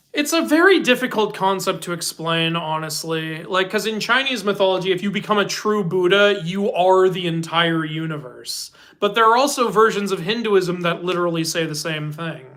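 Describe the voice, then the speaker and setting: A man chats his way through a casual live-stream Q&A. His voice is bright and forward. He rambles through his answers and laughs often. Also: sits high. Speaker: host.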